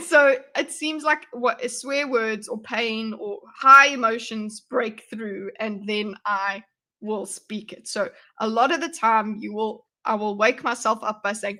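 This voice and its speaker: A woman's voice: a little high, sharp tone. A woman hosting a casual livestream chat, laughing often and swearing freely. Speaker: streamer host.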